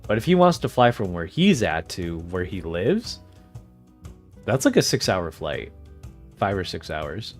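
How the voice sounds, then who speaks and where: A man chats loosely with his stream audience, drifting from one thought to the next and laughing along the way. His pitch moves around a lot as he talks, and faint music plays behind him. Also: wildly swooping pitch, unhurried. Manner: rambling, easily distracted, laughs often. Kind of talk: casual chat with livestream viewers.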